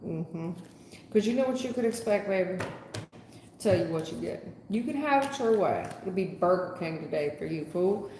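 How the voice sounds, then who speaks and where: Scolding her client with folksy sarcasm, a tarot reader delivers a live reading at a moderate pace. Her voice is low-ish and expressive, and background noise mixes with the long reverb of an echoey room.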